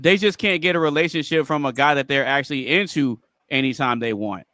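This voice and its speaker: A blunt, insistent man with a bright, forceful voice that sits fairly high. He keeps pressing his point in a casual debate, and the sound is dry and close. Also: a little fast, dry recording. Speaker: podcast panelist.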